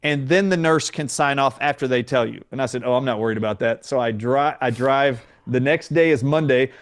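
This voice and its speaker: A man's voice: mid-range voice, moderate pace. A man who is a doctor and a guest on an interview show, telling a story emphatically and acting out the dialogue. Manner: animated, emphatic, acts out dialogue.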